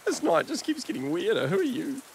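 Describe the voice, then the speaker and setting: A distraught young man mourning his dog, as a man plays him in a comedy skit. He sounds whiny and exasperated, his voice swinging up and down. There is a gravelly edge to it. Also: very high-pitched, wildly swooping pitch, a little fast, a little hiss or hum, full character voice.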